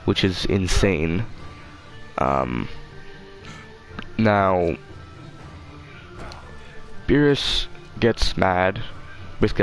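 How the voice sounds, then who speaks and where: Male host with a gravelly fry, sitting low in pitch, who talks off the cuff, curses casually and keeps losing his thread. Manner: rambling, swears freely, loses his train of thought. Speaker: channel host. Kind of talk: casual rambling commentary.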